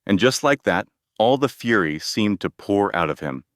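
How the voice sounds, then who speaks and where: A man narrating a first-person dramatic story in a measured, even way. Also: fairly low pitch, dry recording, studio quality.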